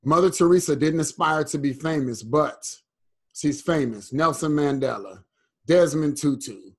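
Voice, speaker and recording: A man's voice: on the high side, measured pace, slightly rough. A man as a guest on a casual podcast, speaking in a reflective, earnest way.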